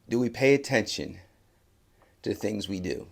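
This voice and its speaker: A man giving a motivational talk, telling a story and then reflecting slowly with soft pauses. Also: on the low side, creaky. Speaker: motivational speaker.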